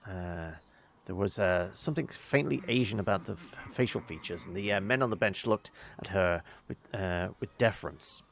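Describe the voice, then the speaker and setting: A man reading a visual novel aloud, halting, with many fillers and self-corrections. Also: low voice, creaky, slight background noise. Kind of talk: reading game text aloud with asides.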